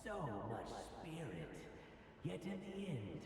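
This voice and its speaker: A man voicing a menacing, mocking male villain in a game, with slow, theatrical menace. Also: a little high, wildly swooping pitch, heavily acted. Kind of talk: game character dialogue. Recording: heavy hall reverb with a crowd-like din.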